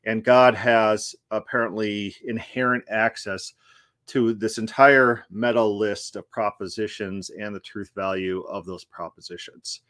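A man's voice: lowish voice, fairly even intonation, a little slow, fairly bright tone, no echo, studio quality. A man hosting a casual commentary, talking loosely with restarts as he critiques a clip. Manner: conversational, restarts, laughs while critiquing. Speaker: host.

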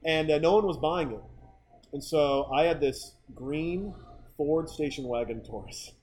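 A middle-aged man telling bar stories in casual chat, animated, acting out the voices of the people he quotes and laughing often. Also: fairly high pitch, measured pace, low-quality recording. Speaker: podcast guest telling stories.

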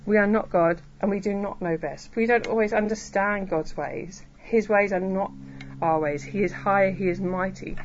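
A woman preacher giving a sermon to a church congregation, earnest and emphatic, slowing down on key phrases. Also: mid-range voice, highs cut off, a little hiss or hum. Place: church hall.

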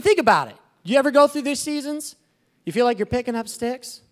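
A man preaching a sermon as a pastor, animated and swelling to emphatic exclamations. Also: very high-pitched, brisk.

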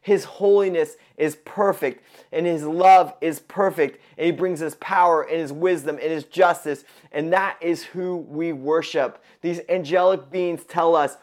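A man's voice: on the high side, steady tone, unhurried, few pauses, a little mellow. A man preaching a sermon to his congregation, emphatic and repeating words for stress. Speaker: pastor.

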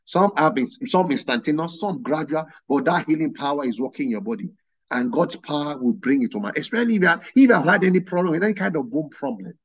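A man's voice: fairly high pitch, animated, fast talker, slightly rough, muffled recording. A man, a guest preacher, giving a sermon and retelling a healing story with fervent, rising emphasis.

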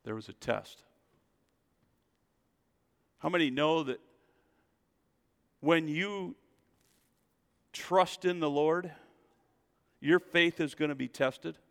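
A man preaching a sermon, his voice pitched a touch above the usual for a man. He swings from quiet asides to loud, emphatic calls and reads scripture aloud. A long reverb trails each phrase, as in a big hall. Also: takes it slowly, creaky, long pauses. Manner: preaching with rising, shouted emphasis and call-and-response asides. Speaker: pastor.

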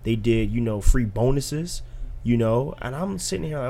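A man's voice: mid-range voice, moderate pace, vocal fry. A young man in casual podcast chat, arguing with rhetorical questions. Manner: animated, argumentative, rhetorical questions.

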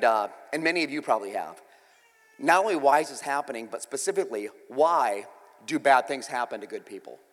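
A man preaching a sermon and opening with a long, self-mocking personal story told in a relaxed, chatty way. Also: on the high side, in a large hall. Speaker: pastor.

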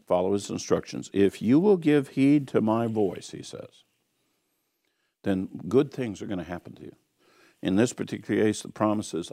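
A man's voice: sits low, gravelly, dark tone. A man giving an earnest teaching sermon on scripture, emphatic and repeating key phrases. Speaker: Bible teacher.

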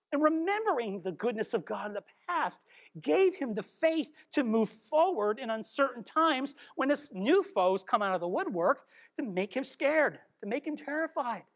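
Woman teaching a bible devotional, kinda high voice, earnest, keeps asking listeners stuff. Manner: earnest, exhorting, asks listeners questions.

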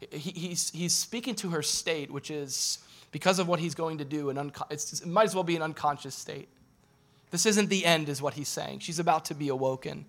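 A man's voice: on the high side, a bit bright. A male pastor preaching a sermon in a casual, joking storytelling way, acting out the people in the story.

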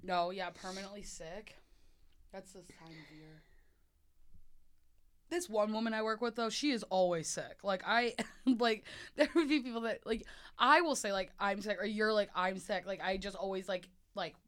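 A woman's voice: medium pitch, normal speed, a bit bright. A woman guest in a casual podcast chat, telling comic stories animatedly, laughing often and acting out what people said.

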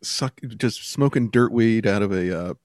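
A man's voice: fairly low pitch, moderate pace, a little mellow, dry recording. A man co-hosting a podcast, chatting casually and reading online posts aloud with a laid-back, chuckling manner. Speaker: podcast co-host.

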